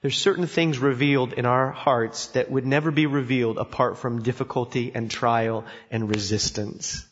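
A man's voice: mid-range voice, fairly even intonation, normal speed, hardly any pauses. A man preaching a sermon, telling a story with emphasis and putting questions to his listeners. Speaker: pastor. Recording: dull sound in a reverberant hall.

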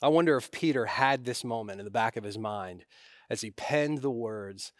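A man preaching a sermon, earnest, rising in force on key lines and then dropping to a hush. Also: medium pitch, moderate pace, dry recording, studio quality. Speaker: pastor.

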